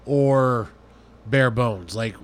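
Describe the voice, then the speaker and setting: A man talking casually as a guest, thinking aloud in halting bits with restarts. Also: medium pitch. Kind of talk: casual chat.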